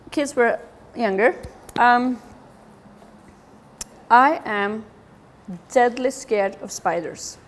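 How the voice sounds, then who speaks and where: A middle-aged woman speaks English, her voice sitting a little high. She gives a public talk in a lively, humorous way, often slipping into the voices of the people she quotes. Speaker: speaker on children's behaviour.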